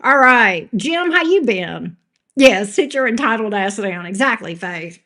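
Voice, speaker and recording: Sassy woman, bright voice. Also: on the high side, expressive, unhurried. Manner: sassy, scolding chat trolls, laughs a lot. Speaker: tarot reader. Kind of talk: live-stream tarot reading.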